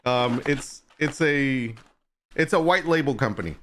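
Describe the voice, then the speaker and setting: A man's voice: mid-range voice, a little slow, fairly bright tone. A man hosting a casual livestream chat, joking with and teasing viewers and greeting them by name. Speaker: livestream host.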